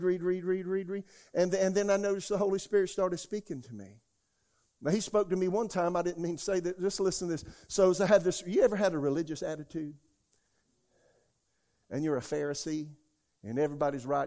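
Pastor in his sixties preaching a testimony. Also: fairly high pitch. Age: 60s. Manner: storytelling, rising to shouts when quoting God. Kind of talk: sermon.

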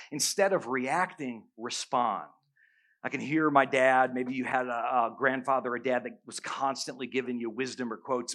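A middle-aged male pastor preaching a sermon, telling a story with humor and animated bursts. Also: medium pitch.

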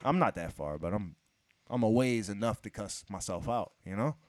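A man telling a long story in casual chat, profane and animated, acting out what people said to him. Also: on the low side, normal speed, no room sound.

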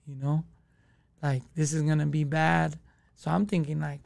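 A man's voice: a little high, flat delivery, moderate pace, gravelly, pauses often, darkish tone. A man, telling a story as a podcast guest in profane street slang. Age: 20s. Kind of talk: casual storytelling.

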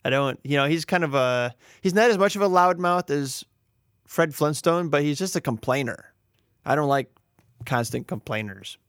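A man's voice: fairly high pitch, a bit bright, no echo. Man, podcast host, casual solo talk, wry rambling asides, dry close recording.

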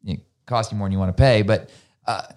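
A man's voice: fairly low pitch, steady tone, quick pace, a little mellow. A middle-aged man hosting a faith podcast, talking thoughtfully in a conversational way. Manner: thoughtful, conversational, quoting scripture. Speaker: podcast host. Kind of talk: casual faith podcast chat.

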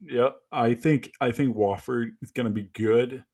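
A man co-hosting a casual sports podcast, excitable and profane, acting out his own reactions. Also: mid-range voice, measured pace. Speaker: podcast co-host.

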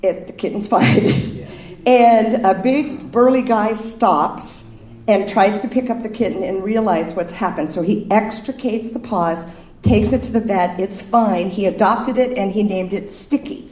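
A woman's voice: mid-range voice, a little slow, a little mellow. A woman giving an informal, playful sermon to a live audience, chatting with them and leading breathing exercises. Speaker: speaker at a spiritual service. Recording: echoey room, distant mic.

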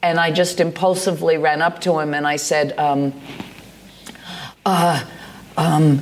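With a low voice, fairly even intonation, and a slightly slow pace broken by long pauses, this woman tells wandering, halting stories packed with fillers and restarts. She is a poet and artist from the United States in her sixties, a guest in an on-stage conversation at a live venue with an audience. A faint hiss or hum is present.

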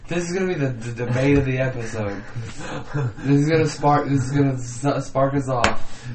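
A man's voice: mid-range voice, normal speed. A man co-hosting a podcast in casual, crude, argumentative banter, laughing often. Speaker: podcast co-host. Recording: roomy, distant mic with faint background noise.

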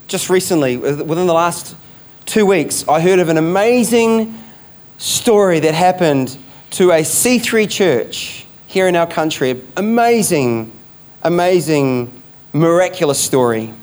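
A man preaching a sermon as pastor, emphatic, repeating key phrases and asking rhetorical questions. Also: sits high.

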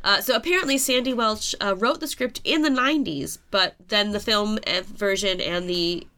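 A woman's voice: mid-range voice, moderate pace, bright, forceful tone, a little hiss or hum. A woman co-hosting a podcast, chatting casually from her notes, self-mocking and laughing at her own slips. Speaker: podcast co-host. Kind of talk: casual chat, talking through notes.

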